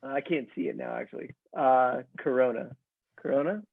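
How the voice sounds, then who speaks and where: A man's voice: medium pitch, normal speed, vocal fry, dry recording. A man hosting an interview, agreeable and easygoing in conversation. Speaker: host. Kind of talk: interview chat. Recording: tinny dry call audio.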